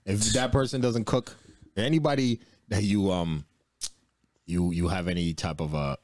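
A man's voice: deep voice, steady tone, normal speed, a little mellow, no echo, studio quality. A young man co-hosting a casual podcast, joking around, laughing a lot and repeating his phrases. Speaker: podcast co-host. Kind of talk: casual banter.

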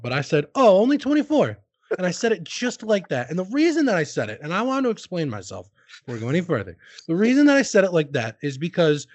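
A man in casual podcast chat, swearing freely as he rambles through self-deprecating stories. His voice sits a touch high for a man and is recorded close and dry, with no room sound. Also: no echo. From United States. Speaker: streamer and podcast host.

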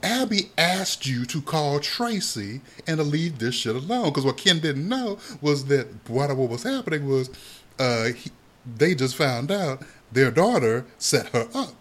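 Animated swearing man recapping a show. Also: a little high, measured pace. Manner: animated, swears freely, acts out characters' lines. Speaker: podcast co-host. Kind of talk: casual chat recapping a soap opera.

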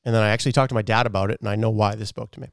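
A man's voice: fairly low pitch, fairly even intonation, racing, gravelly, smooth, no room sound, studio quality. A man co-hosting a podcast, chatting casually, swearing often and laughing easily. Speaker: podcast co-host.

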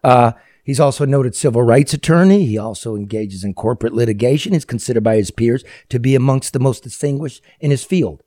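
A man hosting a talk show, chatting casually and making jokey, rambling sponsor pitches. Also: brisk, dark tone. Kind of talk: casual talk show chat with live ad reads.

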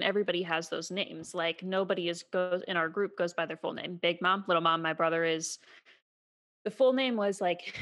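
A woman's voice: on the low side, a bit bright. A woman hosting a podcast in casual chat, laughing often and swearing. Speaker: podcast host.

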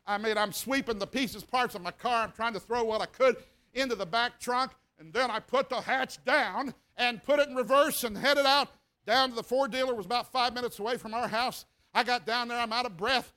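A high, bright male voice. He is a revival preacher spinning a folksy story from the pulpit, animated and acting out sounds as he goes. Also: a little fast. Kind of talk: sermon storytelling.

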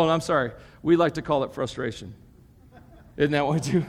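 A high-voiced man preaching a sermon, his voice ringing out in a large hall with a long echo. He talks with lively emphasis that climbs to strong peaks, then drops into joking asides to the congregation. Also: brisk. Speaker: pastor.

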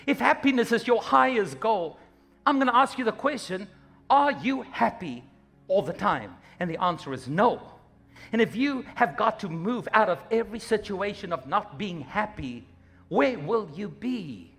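A man with a high voice preaches a lively, humorous sermon. He acts out little scenes in passing, with faint music underneath. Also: normal speed, gravelly, slightly rough. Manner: animated, humorous preaching with acted-out asides. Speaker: pastor.

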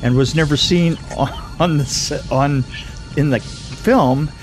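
Jokey man with a higher voice, animated storyteller on a casual podcast. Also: slow pace, over music. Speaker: podcast co-host, film effects veteran.

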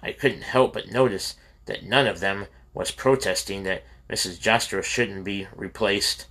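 Low-voiced man reading a memoir aloud. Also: a little slow. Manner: steady, plain storytelling with small slips. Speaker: reader of a memoir.

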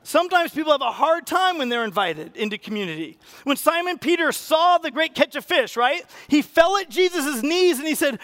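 With few pauses and a normal speed, a man preaches as pastor, lively and dramatic as he acts out quotes through sudden surges in pitch and loudness.

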